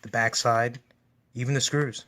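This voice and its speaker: A man's voice: medium pitch, fairly even intonation, measured pace, pushed and bright. A man hosting a gaming channel, giving casual, enthusiastic unboxing commentary at home. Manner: enthusiastic, gushing.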